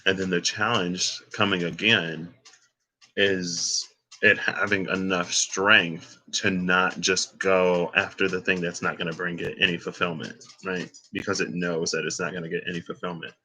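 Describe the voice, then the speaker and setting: A man's voice: sits low, little pitch movement, normal speed, bright, forceful tone, a little hiss or hum, poor audio. A man giving a casual, rambling tarot reading, thinking aloud with asides and bursts of laughter. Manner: laughs and exclaims between points. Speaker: tarot reader.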